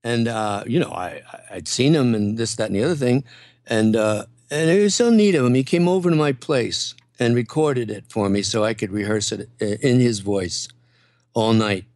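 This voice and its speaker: A man's voice: medium pitch, normal speed, darkish tone, dry recording. An older man, a comedian guest, telling rambling anecdotes in casual chat, full of fillers and restarts.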